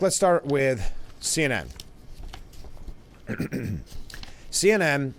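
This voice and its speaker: A man's voice: mid-range voice, big pitch swings, extremely slow, creaky. A man hosting a talk show, giving casual political commentary in a conversational way, with restarts and asides. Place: broadcast studio.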